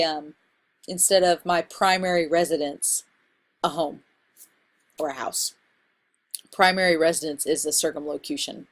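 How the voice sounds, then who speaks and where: A woman college instructor giving a recorded slide lecture, chatty and enthusiastic about literary terms. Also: on the low side.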